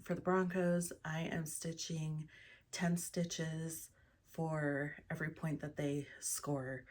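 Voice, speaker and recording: A woman's voice: low-pitched, a little mellow. A woman chatting casually about her stitching projects, rambling with many ums and often dropping into a whisper, in her morning voice. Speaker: cross-stitch vlogger. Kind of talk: casual show-and-tell chat.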